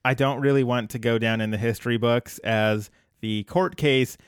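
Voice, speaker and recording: A man's voice: mid-range voice, steady tone, moderate pace, smooth, no room sound, studio quality. A man co-hosting a casual podcast chat about a cartoon, wry and joking. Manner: wry, joking, breaks into playful singing. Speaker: podcast co-host.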